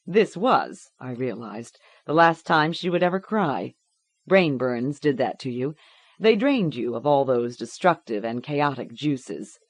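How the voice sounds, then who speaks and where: A woman reading a grim story aloud in a measured, deliberate way. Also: very deep voice, expressive, dry recording. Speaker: audiobook narrator. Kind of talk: scripted audiobook narration.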